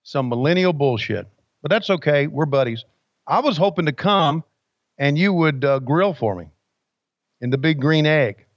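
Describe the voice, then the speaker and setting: A fairly high-pitched, animated male voice at normal speed belongs to a podcast co-host in casual chat. He rambles easily and calls people buddy. The recording is dry and dull.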